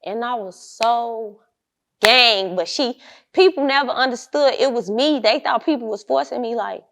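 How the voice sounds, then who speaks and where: A woman's voice: on the high side, moderate pace, a bit bright. A young woman, an interview guest, telling her life story bluntly in street slang and acting out the people she quotes.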